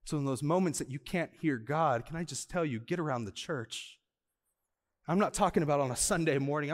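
A male pastor preaching a sermon to a church. He moves from soft, slow lines to loud, high bursts for emphasis and laughs lightly with the room. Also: long reverb tail. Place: church auditorium.

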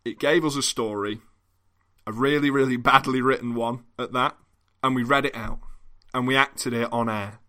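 A man's voice: medium pitch, steady tone, normal speed, sharp tone. A British man hosting a comedy podcast, talking in a dry, wry, mock-apologetic way. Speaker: podcast host. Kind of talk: casual comedy podcast talk.

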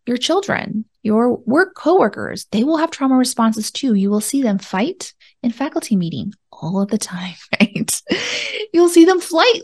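Gravelly-voiced woman relationship coach. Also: mid-range voice. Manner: animated, acts out quoted lines with laughs. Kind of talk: solo podcast commentary.

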